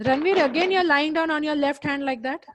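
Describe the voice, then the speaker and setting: A woman's voice: high voice, brisk, slight background noise. A woman teacher with an Indian English accent, giving an online class over a video call. She repeats her instructions, switches into Hindi, and scolds students by name.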